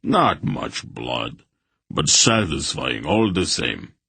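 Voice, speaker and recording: A man voicing a big, hearty male warrior who rumbles out his boasts about a street fight. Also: big pitch swings, slow, creaky, sharp tone, a little hiss or hum, heavily acted. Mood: satisfied.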